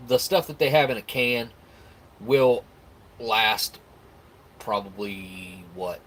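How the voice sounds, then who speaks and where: A man from the States talks in a relaxed, rambling way as he hosts a live stream, answering viewer comments. His voice sits a little low, and a faint hum of room noise runs underneath. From United States. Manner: rambling, easygoing, with frequent restarts and laughs. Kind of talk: casual chat reacting to viewer comments.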